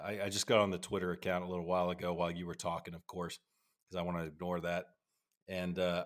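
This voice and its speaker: A middle-aged man co-hosting a podcast, ranting in an animated way and slipping into mock voices. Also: sits low. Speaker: podcast co-host. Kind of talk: casual podcast chat.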